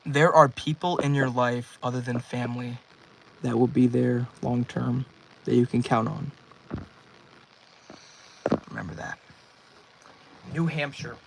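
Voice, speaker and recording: A man's voice: medium pitch, fairly even intonation, unhurried, vocal fry, long pauses, a little hiss or hum. A nineteen-year-old man livestreaming from his bedroom, rambling casually and thanking viewers by name as he reads out chat.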